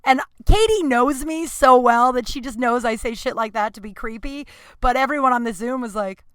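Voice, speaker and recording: A woman's voice: a little high, normal speed, fairly bright tone, clear, resonant tone, dry recording. A woman in her thirties hosting a podcast alone, telling stories in a rambling, chatty way full of fillers and self-aware laughs, recorded in a small closet at home. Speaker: podcast host. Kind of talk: casual storytelling monologue.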